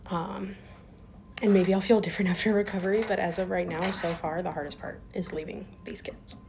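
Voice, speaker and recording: Her voice fairly low, gravelly, steady in tone, and brisk, a young woman speaks to her phone camera in a school classroom, with background noise around her. She works there as an aide, and this casual vlog finds her chatty, using many fillers, and on the edge of tears.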